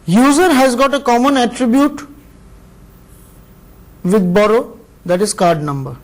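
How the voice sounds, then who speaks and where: A man with an Indian English accent giving a measured university lecture, explaining step by step with pauses between phrases. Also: extremely high pitch, animated, low-quality recording. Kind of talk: recorded classroom lecture.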